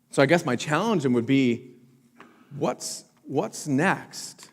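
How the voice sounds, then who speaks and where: In a church sanctuary, a pastor preaches a sermon in a conversational way, putting questions to the congregation. His voice is fairly high, expressive and slow, with the sound of a big room.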